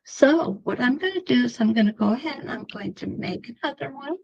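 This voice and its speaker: A woman's voice: on the high side, expressive, brisk, creaky, darkish tone, slightly rough, muffled recording. A middle-aged woman teaching a quilting demo to online viewers, chatty and talking to them as she works, with a laugh now and then. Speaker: quilting instructor. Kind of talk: live-streamed quilting demo.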